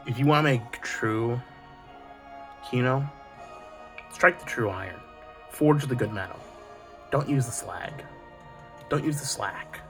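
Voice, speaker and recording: Male video creator, profane preachy rant, mid-range voice. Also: medium pitch. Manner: heated, preachy, swears constantly. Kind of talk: profane ranting monologue.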